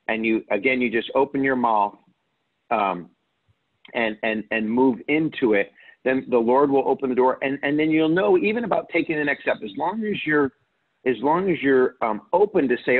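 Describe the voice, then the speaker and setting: A man's voice: medium pitch, moderate pace. A man hosting a faith talk, rambling and hesitant, restarting his sentences often. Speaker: host. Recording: husky voice over a phone line.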